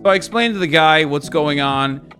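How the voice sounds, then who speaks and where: Male streamer, slightly high voice, casual storyteller, exasperated and animated, faint music under him. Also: moderate pace. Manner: animated, exasperated retelling with quoted exchanges. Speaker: livestreamer.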